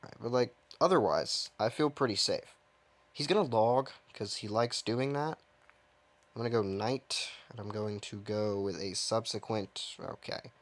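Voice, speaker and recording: A man's voice: fairly low pitch, measured pace. Rambling man narrating his gameplay. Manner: rambling, self-mocking, thinks aloud. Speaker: gaming streamer. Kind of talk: casual gameplay commentary. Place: his own dim room.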